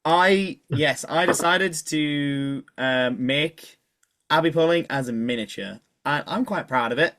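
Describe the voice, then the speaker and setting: A man's voice: a little high, measured pace, fairly bright tone. A man chatting casually as a podcast guest, talkative and self-deprecating. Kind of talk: casual chat.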